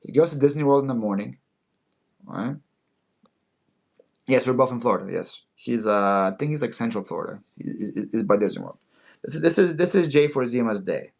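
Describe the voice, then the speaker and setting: Guy running a live sale stream, bit of vocal fry, jokey, keeps tripping over his words. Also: medium pitch, animated, brisk, pauses often, darkish tone. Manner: playful, laughs often, stammers and repeats words. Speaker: live online seller host. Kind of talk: casual livestream chat.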